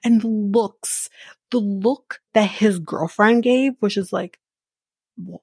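A woman hosts a casual podcast, gossiping through a reality show recap with plenty of laughter and quick impressions of the cast. Her voice is husky and sits at a middling pitch. The sound is dry and close, with no room around it. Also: darkish tone, no room sound. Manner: gossipy, laughing, mimics the people she recaps. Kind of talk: casual chat.

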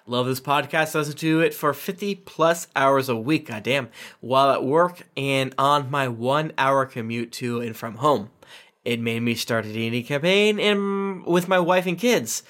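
A man's voice: medium pitch, normal speed, fairly bright tone. A man hosting a podcast, reading listener reviews aloud with playful emphasis. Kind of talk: casual podcast chat.

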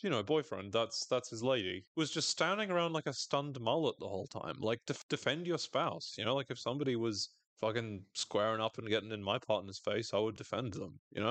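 A man's voice: fairly low pitch, no room sound. Guy on a podcast recapping a show, jokey, does silly voices for the characters, dry close mic. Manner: animated, jokey, acts out quoted characters in exaggerated voices. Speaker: podcast co-host. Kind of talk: casual TV recap chat.

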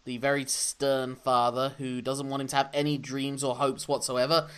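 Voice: mid-range voice, level tone, normal speed, clean tone. A podcast co-host, recapping a film in casual, sarcastic chat and laughing often. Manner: sarcastic, laughs often, swears in mock frustration.

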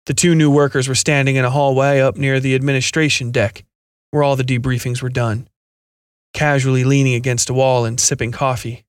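A man narrating a scripted science fiction horror story in a steady, measured reading. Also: mid-range voice, clean tone, dry recording, clean studio sound.

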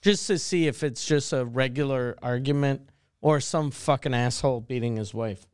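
A man co-hosting a podcast, tossing in quick questions and jokes in casual chat. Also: medium pitch, a little mellow, clear, resonant tone, no room sound, clean studio sound. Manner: joking, quick questions and one-liners. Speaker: podcast co-host.

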